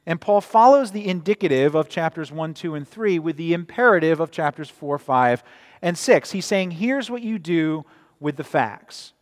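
A man's voice: a little high, lively intonation, moderate pace. A man preaching a sermon in a church, conversational and often tossing in "right?" to the congregation. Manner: conversational, frequent "right?" asides. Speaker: pastor. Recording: reverberant church sanctuary.

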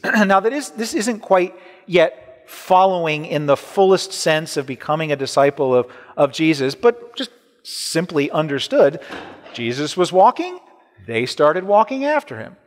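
A man with a slightly high voice preaching in a lively, swinging way. He talks to the congregation like a conversation, repeating words and tossing in "right?" His voice rings with the long reverb of a large church hall. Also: moderate pace. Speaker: pastor. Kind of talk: sermon.

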